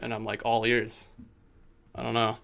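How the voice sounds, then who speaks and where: Young American male streamer, rambling slangy chat with some swearing, mid-range voice, loud music underneath. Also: medium pitch, completely flat delivery, a little slow, creaky. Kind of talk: casual livestream chat. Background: loud electronic music.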